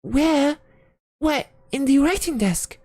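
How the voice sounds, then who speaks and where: A woman's voice: lively intonation, slow pace, darkish tone, no echo, clean studio sound, heavily acted. Woman voicing a naive, anxious young daughter. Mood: earnest. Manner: high, earnest, pleading.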